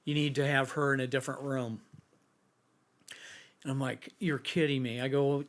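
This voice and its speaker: Middle-aged guy, average pitch, telling what happened to his family, stop-start and pained. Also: level tone. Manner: halting, restarts often, quietly pained retelling. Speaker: bereaved father and guest. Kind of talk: personal account in a podcast.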